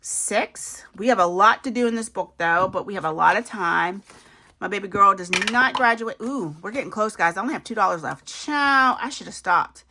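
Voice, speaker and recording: Chatty woman with a lively voice. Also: medium pitch, normal speed, slight background noise. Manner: chatty, talks to viewers as y'all, laughs at herself. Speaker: budgeting video host. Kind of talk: casual savings challenge commentary.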